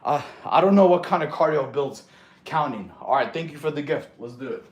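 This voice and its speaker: With a fairly high, expressive voice and a brisk pace, a man livestreams a workout from an echoey room. He keeps things chill and slangy, calling everyone "bro," while growing breathless counting push-ups.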